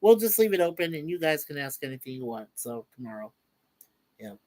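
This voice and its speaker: A man over fifty hosting a casual live stream, reading viewers' comments aloud in a warm, rambling way and laughing easily. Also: a little high, big pitch swings, a little fast.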